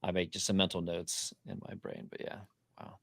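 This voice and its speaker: A man's voice: sits low, flat delivery, moderate pace, vocal fry, no echo. A man playing a tabletop game, asking curious questions and musing in loose asides. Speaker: player.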